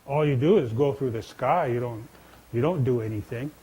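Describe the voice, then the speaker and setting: A man voicing a quick-tempered male frog who hollers back defiantly in a storytelling talk. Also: medium pitch, mellow, breathy edge, close to an everyday voice, poor audio. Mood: defiant scolding.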